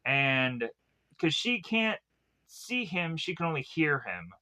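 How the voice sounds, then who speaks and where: A man's voice: fairly high pitch, very animated, takes it slowly, sharp tone. A man giving a casual spoken film review, retelling the plot in a rambling way with lots of fillers and restarts.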